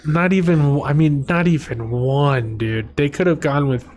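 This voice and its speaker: A man's voice: a little high, unhurried, darkish tone. A man co-hosting a podcast, riffing and joking in casual chat. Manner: joking, riffing, mocking impressions. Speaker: podcast co-host.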